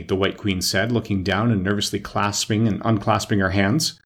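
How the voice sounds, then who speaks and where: Husky male storybook narrator. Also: lowish voice, a little fast, fairly bright tone. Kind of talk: storybook reading aloud.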